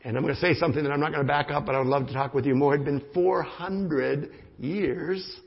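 Gravelly preacher in an echoing hall. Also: male voice, a little high, fairly quick. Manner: animated preaching, repeats "right?" often. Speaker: pastor. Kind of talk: sermon. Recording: muffled sound in a reverberant hall.

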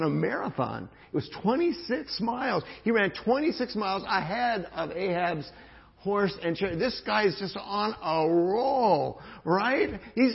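A man with a slightly high, husky, gravelly voice preaches a sermon, animated and conversational, rising to loud calls and then dropping to quiet asides. The sound is dull and lo-fi, with long reverb from a large hall. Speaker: pastor.

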